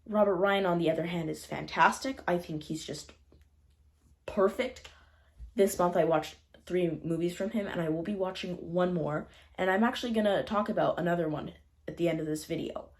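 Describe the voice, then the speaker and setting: A woman's voice: lowish voice, darkish tone. A young woman casually reviewing old films on her channel, rambling, correcting herself and apologizing often. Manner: chatty, rambling, frequent self-corrections and apologies. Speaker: film reviewer. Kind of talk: casual unscripted film review.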